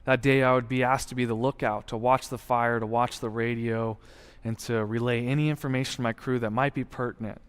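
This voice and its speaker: A man in his thirties giving a personal testimony, earnest and reflective, telling his story with deliberate pauses. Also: medium pitch, fairly even intonation, smooth. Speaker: guest speaker sharing testimony. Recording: long hall reverb.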